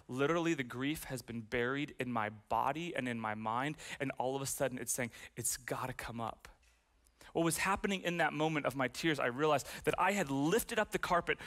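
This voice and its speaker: Lively, fairly high-voiced young male pastor. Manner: animated storyteller, drops soft and slow on grief. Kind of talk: sermon with personal stories. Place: church stage with audience.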